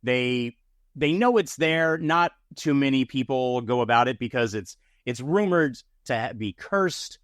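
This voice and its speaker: A man's voice: mid-range voice, lively intonation, a little slow, fairly bright tone, no echo. Male game master, casual narration, lots of fillers, dry close sound.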